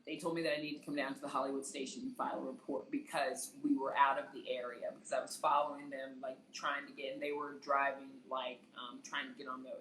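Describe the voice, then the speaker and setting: A woman, an entertainment journalist, telling a personal story in conversation as an interview guest, acting out what others said with lively energy. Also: very deep voice, reverberant, slight background noise, rough recording. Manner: animated, vividly re-enacts the voices of others.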